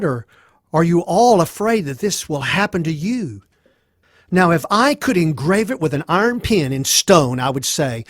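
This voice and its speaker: A man's voice: on the high side, dry recording. Guy playing a despairing man pleading he did nothing wrong, big ups and downs, dry sound. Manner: anguished, pleading, rising to outbursts.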